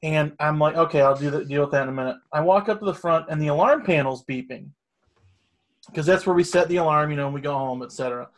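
A middle-aged man with a slightly high voice talks fast as a guest telling a long story in casual conversation. He rambles and swears freely.

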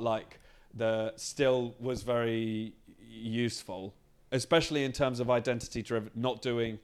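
A non-binary comedian, a podcast guest in casual chat, talking thoughtfully with frequent restarts in a backstage green room. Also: medium pitch. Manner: thoughtful, searching, many restarts.

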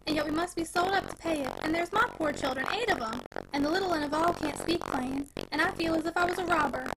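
A woman's voice: high-pitched, huge pitch swings, fast talker, creaky, heavily acted. A woman voicing a distraught, humble middle-aged farm wife and aunt who pleads tearfully. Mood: pleading, tearful. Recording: noisy home recording.

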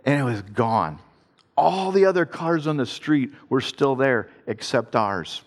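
A man's voice: mid-range voice, lively intonation, a little slow. A man from Ohio telling a personal story in a conversational way and turning it into an earnest devotional talk. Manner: earnest, conversational storytelling with self-deprecating laughs. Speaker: father telling a faith story.

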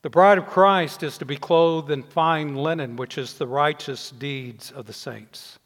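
An older man preaching a sermon, measured, letting his voice fall softly at the ends of phrases. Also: on the high side, steady tone. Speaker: pastor. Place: church sanctuary. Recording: long reverb in a church hall.

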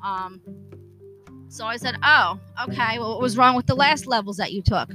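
A woman's voice: a little high, normal speed, sharp tone, faint music behind. A woman hosting her own show, telling a personal story in a blunt, profane way and acting out the dialogue. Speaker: podcast host. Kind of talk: casual storytelling monologue.

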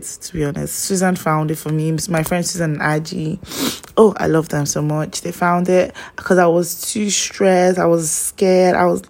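A woman's voice: lowish voice, gravelly, darkish tone. A young woman, chatting casually and telling personal stories, rambling with lots of fillers. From Nigeria.

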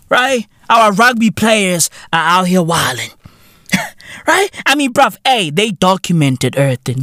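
Loud ranting man in his thirties. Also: sits high, no room sound, clean studio sound. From South Africa. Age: 30s. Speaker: podcast host. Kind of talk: profane comedic rant.

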